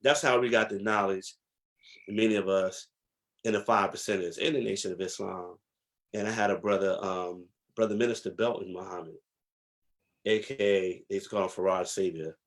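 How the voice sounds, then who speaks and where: Low-voiced man telling stories slowly. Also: steady tone, a bit bright. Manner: reflective, slow, emphatic storytelling with many fillers. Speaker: guest, historian. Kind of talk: casual interview storytelling.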